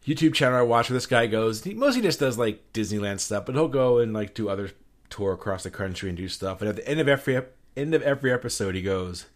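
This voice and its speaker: Animated man with a lively voice. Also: mid-range voice, quick pace. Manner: animated storyteller, laughs while talking. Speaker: podcast co-host. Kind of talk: casual movie discussion.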